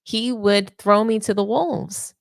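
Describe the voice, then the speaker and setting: A woman's voice: medium pitch, slow pace, vocal fry, no echo, clean studio sound. A young adult woman hosting a sports show, delivering opinionated commentary with indignant, sarcastic rhetorical questions.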